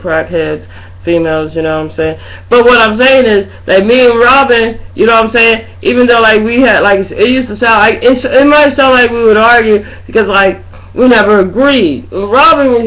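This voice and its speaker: A woman's voice: medium pitch, rough recording. A middle-aged woman ranting to her webcam in a rambling, profane way, often asking if you know what she's saying. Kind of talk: casual rant to webcam.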